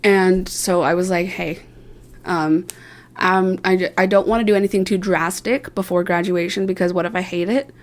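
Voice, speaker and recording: A young woman talks straight to her viewers in a loose, rambling vlog. She tells her story in a chatty, self-mocking way, full of fillers and quick asides. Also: on the low side, fairly even intonation. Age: young adult. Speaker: vlogger.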